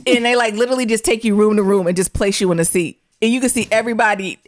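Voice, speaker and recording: A woman co-hosting a podcast, telling a funny story in casual, animated chat. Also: mid-range voice, rapid-fire, no room sound, clean studio sound. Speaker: podcast co-host.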